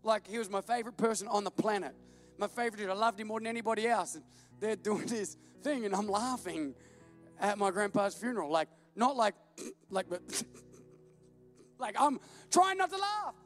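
A man preaching with a very high, light voice, joking about himself and breaking into laughter as he tells stories. Faint music sits under his sermon. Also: normal speed, long pauses. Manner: self-deprecating, animated storytelling with laughs. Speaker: pastor. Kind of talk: humorous sermon.

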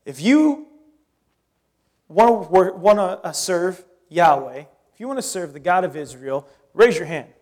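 A man's voice: high voice, expressive, a little slow, a little mellow. A man doing a fired-up, commanding Moses. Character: impassioned male Moses, fired up.

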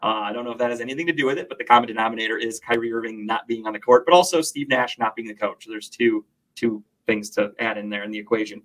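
A man's voice: on the low side, fast, fairly bright tone, poor audio. A man hosting a casual sports talk podcast, opinionated and swearing freely.

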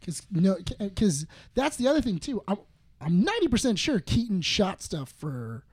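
A podcast co-host in casual chat who tells rambling, excited stories and gets louder and higher while acting out what others said. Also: moderate pace, husky. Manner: rambling storyteller, excited, acts out quotes in a high voice.

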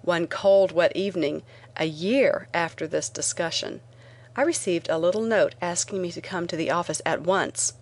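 Low-voiced woman reading an audiobook. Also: moderate pace, a little mellow. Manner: clear storytelling, first person. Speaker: narrator.

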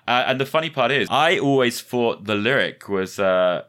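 Bright-toned, enthusiastic man. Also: medium pitch, animated, normal speed. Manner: enthusiastic, reflective. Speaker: podcast co-host. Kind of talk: casual music chat.

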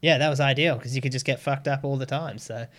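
A young man with an Australian accent spins crude, laid-back stories, swearing freely. His voice sits at an ordinary middle pitch. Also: fairly even intonation, fast, a bit bright. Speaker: stand-up comedian, podcast guest. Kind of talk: casual chat.

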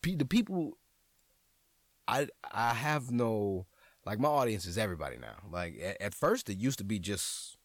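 A New Orleans comedian and podcast host with a local accent talks casually and profanely on a solo episode, rambling and stopping and restarting often. His lowish voice swings widely in pitch at normal speed, in clean studio sound with no room echo.

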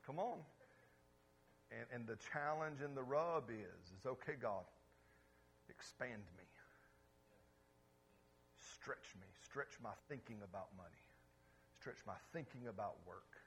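A man's voice: mid-range voice, animated, a little slow, pauses often, a bit bright. Pastor guy preaching hard, keeps asking the crowd stuff, faint hum behind. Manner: emphatic, asks the congregation questions. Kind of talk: sermon.

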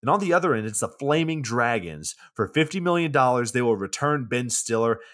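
A man's voice: mid-range voice, lively intonation, fairly quick, fairly bright tone. A man co-hosting a podcast, casually recapping a movie plot in a loose, profane way with lots of fillers. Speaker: podcast co-host.

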